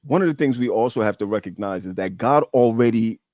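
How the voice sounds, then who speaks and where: A man in his forties hosting a casual chat, animated and emphatic, repeating key words. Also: lowish voice, fast talker, no room sound, clean studio sound. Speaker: host.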